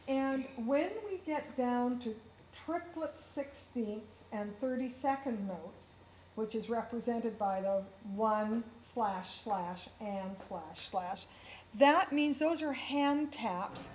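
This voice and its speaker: A woman's voice: on the high side, a little hiss or hum, poor audio. A woman piano teacher leading a workshop for other teachers, enthusiastic and counting rhythms aloud.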